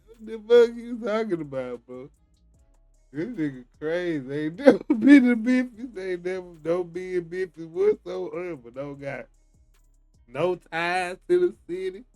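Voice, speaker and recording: A man reacts to a clip, laughing and sounding incredulous as he comments. He talks slowly, his voice sitting a little high for a man, and faint music plays behind him. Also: darkish tone. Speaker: reaction streamer.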